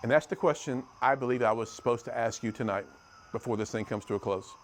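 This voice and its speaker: A middle-aged US youth speaker motivates a youth group with stories, speaking fast in a medium-pitched voice and alternating between loud and quiet. There's slight background noise.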